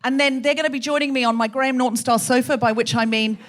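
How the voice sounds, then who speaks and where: A woman's voice: high-pitched, fairly even intonation, quick pace. A woman hosting a live comedy podcast on a hot theatre stage, chatting with and teasing the audience. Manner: chatty, teasing crowd work.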